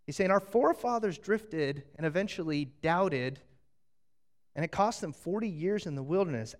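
A man preaching a sermon, telling the story with jokes and acted-out asides. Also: a little high. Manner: animated, jokey, acting out quick asides.

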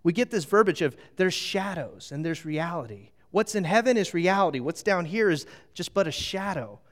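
A middle-aged man preaching a sermon as a pastor, animated and storytelling, drawing the audience into a little game. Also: sits high, normal speed. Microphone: handheld microphone.

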